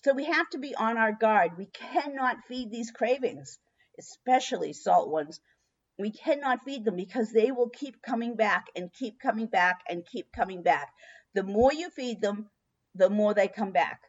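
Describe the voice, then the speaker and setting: A woman hosting a diet workshop, giving a motivational talk and telling a long story with lively, acted-out asides. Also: fairly high pitch, normal speed. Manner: storytelling with expressive voiced asides. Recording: dull lo-fi recording.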